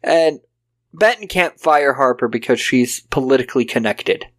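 A man's voice: mid-range voice, animated, moderate pace. Man recapping a film, swearing freely. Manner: retells scenes, mimics characters' lines, swears freely. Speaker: podcast co-host. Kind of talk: casual film-recap chat.

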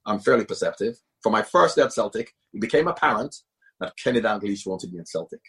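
A man's voice: on the low side, lively intonation, quick pace, a bit bright. A middle-aged man, a former football manager, talking at length as an interview guest, emphatic and repeating himself for stress. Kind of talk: casual interview talk.

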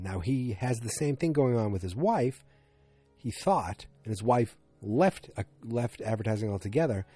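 A man's voice: medium pitch, animated, moderate pace, mellow, breathy edge, soft background music. A man casually recapping a TV episode as a podcast host, rambling with many fillers and restarts.

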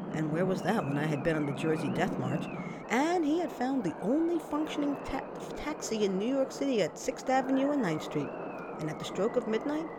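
A woman tells a personal story on the radio with wry, dramatic flair, slipping into bits of dialogue. Her voice sits at an ordinary middle pitch. Loud vehicle noise rumbles steadily behind her.

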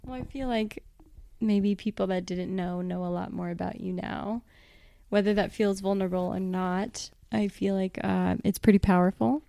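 A woman speaks as a podcast guest in an earnest, reflective way. Her voice sits at a middle pitch. The sound is dry and close. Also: fairly even intonation, normal speed, vocal fry, warm tone, dry recording. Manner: earnest, reflective, laughs often. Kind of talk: reflective casual chat.

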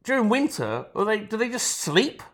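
A woman's voice: fairly high pitch, big pitch swings, moderate pace. A woman co-hosting a podcast, teasing dryly and reading articles aloud. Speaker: podcast co-host. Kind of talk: casual chat.

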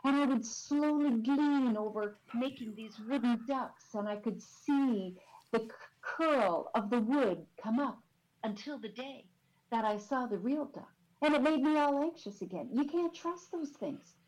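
A woman's voice: sits high, darkish tone, rough recording. Rambling comically anxious woman. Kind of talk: casual chat.

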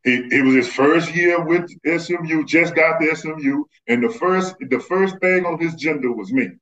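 A man from Texas, a former basketball player, telling animated stories as a podcast guest and acting out the people he quotes. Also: a little high, moderate pace. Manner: animated, acts out quoted voices. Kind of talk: casual storytelling. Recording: slightly muffled lo-fi audio.

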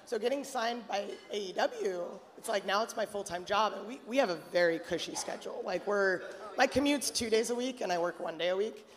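A woman speaking as a guest on a live panel, hoarse from days of yelling, playful and bold. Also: medium pitch, a little fast. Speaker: wrestling referee guest. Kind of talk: casual panel chat. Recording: live hall with long reverb.

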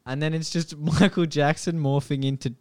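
A man on a podcast reading out fan posts in a deadpan way, breaking into laughs. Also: a little high, moderate pace, no room sound, clean studio sound. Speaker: podcast intern.

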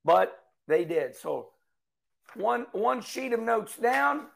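Folksy racing commentator, middle-aged man, lively storyteller, high raspy tone. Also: slow. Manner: folksy, animated storytelling with acted-out quotes. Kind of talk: casual monologue.

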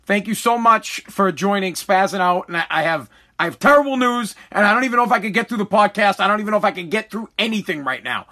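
High bright ranting man. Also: animated, quick pace. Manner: furious, ranting, stammering restarts. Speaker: podcast host. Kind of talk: angry live-streamed podcast rant.

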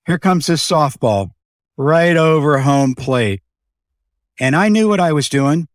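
Animated older man telling stories. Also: a little high, takes it slowly, no echo, clean studio sound. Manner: animated storyteller, acts out voices in anecdotes. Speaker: podcast guest, business founder. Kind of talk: casual storytelling interview.

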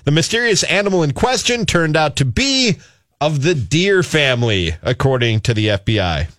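A man's voice: a little high, very animated, a bit bright, no echo. A man co-hosting a comedy talk show, reading odd news stories aloud and mocking them sarcastically. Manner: sarcastic, quick to mock the story he reads. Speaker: radio show co-host.

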